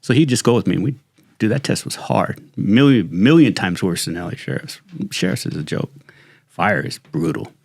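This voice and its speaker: A middle-aged man, a retired sheriff's lieutenant, telling stories in a casual, animated way and saying "dude" often. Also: on the low side, moderate pace, creaky, dry recording. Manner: animated, slangy, says "dude" constantly. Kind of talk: casual storytelling chat.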